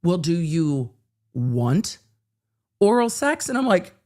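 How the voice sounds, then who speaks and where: Woman livestreamer chatting casual, kinda low voice, swears a lot, tells stories all animated. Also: takes it slowly. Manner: animated, swearing, storytelling with acted quotes. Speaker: legal commentary livestream host.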